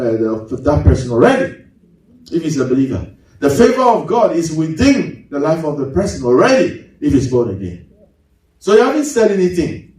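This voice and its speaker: A man preaching a sermon as pastor, swinging his pitch sharply and mimicking congregants. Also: mellow. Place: large church hall. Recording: echoey hall, mic at a distance.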